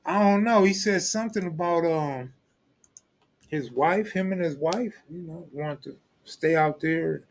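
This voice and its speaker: On the high side and unhurried, this Californian's voice carries a casual live stream where he reads live comments, talks in loose street slang, and kids around with viewers.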